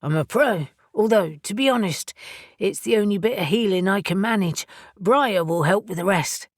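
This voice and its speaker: A woman's voice: mid-range voice, moderate pace, dry recording, studio quality, close to an everyday voice. A woman doing a breezy, joking young male surfer witch.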